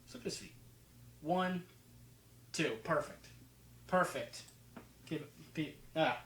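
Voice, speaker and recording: A man's voice: on the high side, takes it slowly, a bit bright, echoey room, a little hiss or hum, low-quality recording. A man from New Jersey with a slight New Jersey accent, casually talking over football game film, rambling with fillers and restarts. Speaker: football film breakdown host.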